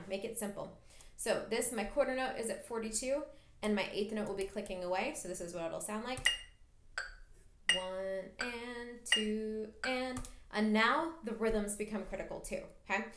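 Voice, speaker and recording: A woman's voice: mid-range voice, reverberant, slight background noise. A woman teaching a flute lesson, patiently coaching the listener through practice steps. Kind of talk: instructional music lesson.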